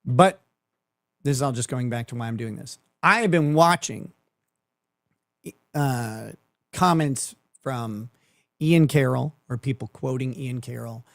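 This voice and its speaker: A man's voice: mid-range voice, unhurried, gravelly, pauses often, no echo, clean studio sound. A man hosting a commentary show, talking in a sarcastic, profane way and laughing often. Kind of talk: mocking online commentary.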